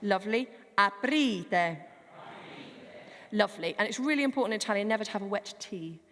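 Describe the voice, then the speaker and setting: A woman's voice: medium pitch, lively intonation, a little fast, fairly bright tone. Woman coaching a choir in a reverberant church. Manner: chatty, demonstrates pronunciation word by word. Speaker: choir director. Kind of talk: rehearsal coaching. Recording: long hall reverb.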